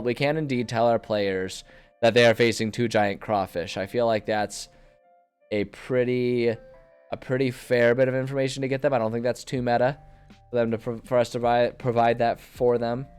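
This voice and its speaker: A man's voice: on the low side, a little mellow, clean tone. A man streaming from his desk at home, chatting casually and thinking aloud, rambling and correcting himself as he plans a tabletop campaign. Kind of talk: casual live-stream chat. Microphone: desk microphone.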